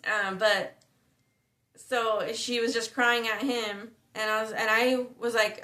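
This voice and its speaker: A woman's voice: fairly high pitch, level tone, measured pace, sharp tone. A woman telling a personal story in a casual, rambling way, full of slang, fillers and restarts. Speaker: spiritual vlogger.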